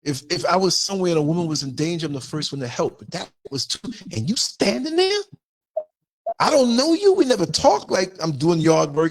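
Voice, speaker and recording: A man's voice: high-pitched, sing-song, a little fast. An older man from the United States, hosting a livestream and telling a story in a blunt, emphatic way. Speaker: podcaster host.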